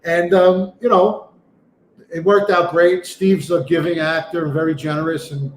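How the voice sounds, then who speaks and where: A man's voice: fairly high pitch, normal speed, reverberant, slight background noise. A man, an actor guest telling stories in a casual interview with lots of fillers. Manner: animated storyteller, many fillers. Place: remote video call.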